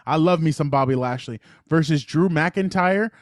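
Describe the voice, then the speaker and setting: A man co-hosting a casual sports podcast, talking excitedly and rambling as he retells matches. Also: a little high, normal speed, dry recording, studio quality. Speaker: podcast co-host.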